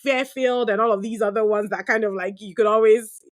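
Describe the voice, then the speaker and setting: Thirties woman podcaster, kinda high voice, super chatty and laughy, dry close sound. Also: brisk, no echo. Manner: lively, chatty, laughs often, many fillers. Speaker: podcast host answering listener questions. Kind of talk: candid conversational storytelling.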